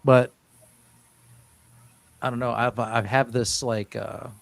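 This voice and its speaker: A man in his fifties is a guest in a casual interview, telling his story earnestly and rambling with many restarts. His mid-range voice is steady, slow and gravelly.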